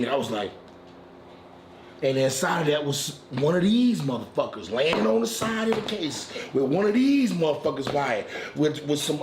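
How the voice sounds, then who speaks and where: A man hosting his weekly smoke-session stream, telling a wild story in a casual, profane, animated way from home. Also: on the high side, roomy sound, a little hiss or hum. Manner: profane, animated storyteller who turns loud and excited at the climax. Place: at home in a residential area.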